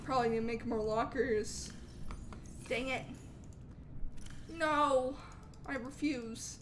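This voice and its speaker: A woman streaming a game live, excitable and chatting with viewers, with hiccups. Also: fairly high pitch, slow, slight background noise. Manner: excitable, talks to chat, frequent outbursts. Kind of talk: live gameplay commentary.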